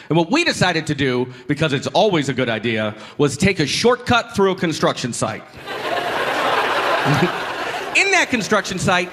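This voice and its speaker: A man's voice: sits high, a bit bright. A man doing self-deprecating, mock-earnest stand-up about his teenage years on a club stage. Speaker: stand-up comedian. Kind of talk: stand-up comedy, deadpan storytelling. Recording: live recording with audience noise.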